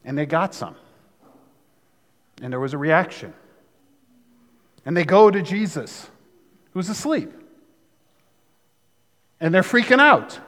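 A man's voice: a little high, animated, takes it slowly, pauses often, fairly bright tone, in a large hall. A man preaching a sermon, talking conversationally with asides. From United States. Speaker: pastor.

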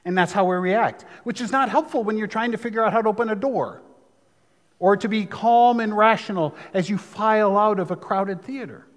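A man's voice: high-pitched, moderate pace, big-room sound. A man preaching a sermon, talking conversationally with asides. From United States. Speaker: pastor.

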